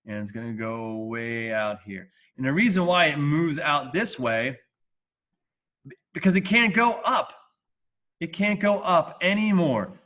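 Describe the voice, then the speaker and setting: A man's voice: mid-range voice, bright, forceful tone. A male science teacher giving a casual, jokey classroom lecture with asides.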